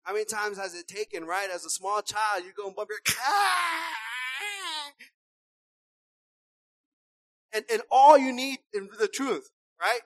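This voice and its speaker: A woman preacher delivering a passionate sermon, repeating herself and swinging from soft asides to shouts. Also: medium pitch, fairly quick, hardly any pauses, dry recording, low-quality recording.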